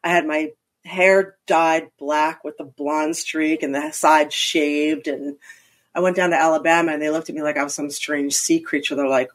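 A woman's voice: low-pitched, fairly even intonation, normal speed. Chatty self-mocking woman guest. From Philadelphia area, US. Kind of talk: casual interview chat.

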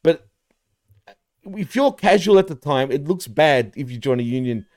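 Man, co-host, casual slangy chat, higher voice, dry close sound. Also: animated, moderate pace, a little mellow, no room sound. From Greece. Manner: loose and slangy, peppers talk with "bro" and "like". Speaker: podcast co-host.

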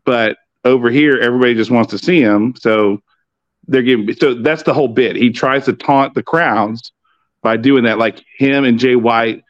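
A man's voice: mid-range voice, normal speed, dry recording. Laid-back, profane man with a muffled sound. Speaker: podcast guest on wrestling. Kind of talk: casual chat.

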